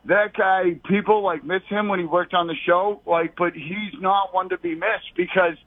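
A man's voice: sits high, fairly even intonation, moderate pace, dry recording. A male caller from the Boston area, out of breath, rambling through scattered stories on the phone. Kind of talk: rambling call-in. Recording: tinny phone line.

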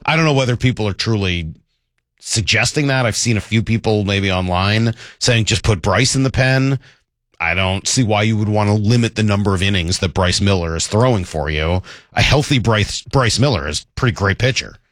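A man's voice: lowish voice, moderate pace, fairly bright tone, no echo. A man hosting sports talk radio, arguing his opinion in an easygoing, rambling way. He keeps restarting sentences as he thinks. The studio sound is dry and close. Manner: conversational, self-deprecating, restarts often.

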